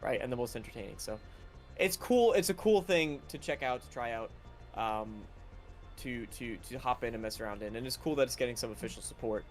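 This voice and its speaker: A man's voice: mid-range voice, fairly quick. A man co-hosting a casual gaming podcast, making his points emphatically and repeating them. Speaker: podcast co-host. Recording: faint music behind.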